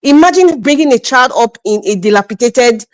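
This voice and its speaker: A woman's voice: on the high side, animated, normal speed, no echo, poor audio. A Nigerian woman giving passionate, emphatic political commentary on a live stream, laughing often and slipping into pidgin. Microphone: remote live stream mic.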